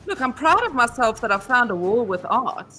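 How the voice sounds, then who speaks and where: A woman with a bright, high voice plays a location game on a live stream. Her pitch swings widely as she chats excitedly. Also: normal speed, faint music behind. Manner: excitable, chatty. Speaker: game player on a live show. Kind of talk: casual live-stream chat.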